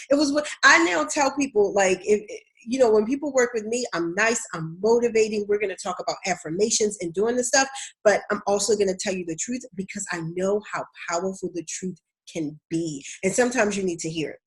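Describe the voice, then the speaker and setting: A woman's voice: medium pitch, a little fast. Chatty Baltimore woman career coach. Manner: candid, chatty, addresses viewers as y'all. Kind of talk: live-streamed casual talk to viewers.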